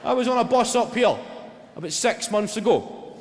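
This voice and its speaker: A man doing stand-up, telling a story in a deadpan, sweary way with rambling asides, live in a comedy venue. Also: extremely high pitch, moderate pace, in a large hall, noisy background.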